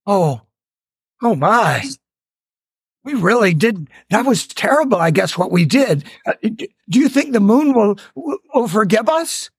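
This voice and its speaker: A man's voice: sits high, big pitch swings, a little slow, slightly rough, dry recording, voice pushed up, full character voice. A man voicing a large male elephant king who is humbled and sorry, talking hesitantly with stammering apologies. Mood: worried.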